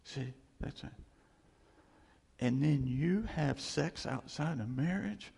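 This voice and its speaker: Husky-voiced man preaching in a hall. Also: a little high, slow pace. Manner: animated, chuckling preacher who acts out voices. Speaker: pastor. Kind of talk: sermon.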